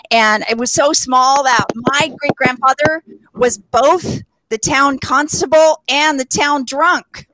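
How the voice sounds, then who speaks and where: A female stand-up comic from Texas, slightly high-voiced, takes her time with each line. She mocks herself with deadpan asides and chuckles at her own jokes, recorded close and dry. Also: dry recording. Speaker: stand-up comedian. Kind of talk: live stand-up set. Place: studio stage with live audience.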